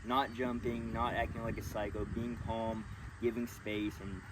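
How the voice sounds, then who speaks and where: A man's voice: fairly low pitch, flat delivery, measured pace. A man working as a dog trainer, explaining training in a blunt, casual way while giving the dog short commands. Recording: distant mic with loud outdoor noise.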